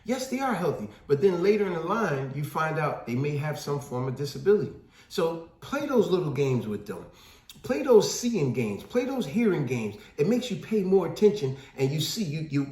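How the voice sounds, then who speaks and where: A man with a fairly high, lively voice, talking in a casual discussion. He tells stories with energy and acts out the people he quotes. The sound is echoey, as if recorded in a bare room. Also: brisk. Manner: animated storytelling, acts out quotes. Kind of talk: casual talk-show discussion.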